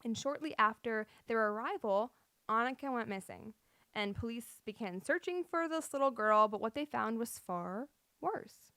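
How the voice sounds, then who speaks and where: A woman's voice: on the high side, fairly bright tone, no echo. A young adult woman hosting a podcast, telling a true-crime story with nervous laughs and apologetic asides. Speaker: podcast host.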